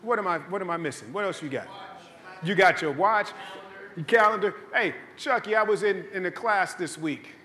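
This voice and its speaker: A man's voice: high-pitched, normal speed, sharp tone. A male pastor preaching a sermon in a church, with a conversational, joking storytelling style and lots of repetition. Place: church sanctuary.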